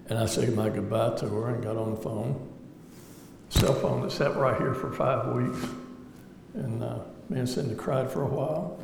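A man's voice: medium pitch, normal speed, gravelly, darkish tone, a little hiss or hum. A man giving an earnest personal testimony to an audience, reflective with wry humor. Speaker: lay speaker giving testimony. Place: large hall before an audience. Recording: echoey hall with faint ambience.

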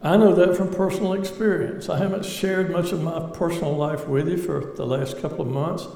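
A man's voice: on the high side, steady tone, a little fast, gravelly, warm tone. A man giving an earnest personal testimony to an audience, reflective with wry humor. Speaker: lay speaker giving testimony. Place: large hall before an audience. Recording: echoey hall with faint ambience.

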